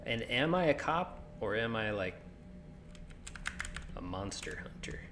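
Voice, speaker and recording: A man's voice: lowish voice, big pitch swings, unhurried, heavy background noise. A man streaming a game, chatting casually and joking as he thinks aloud, his voice a little sore. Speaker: gaming streamer. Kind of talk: casual let's-play commentary.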